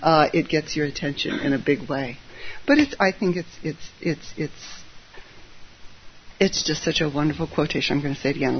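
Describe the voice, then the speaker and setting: A middle-aged Zen teacher giving an informal dharma talk, chatty and full of ums, with gentle self-deprecating humor. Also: mid-range voice, moderate pace. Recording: slightly muffled with faint hiss.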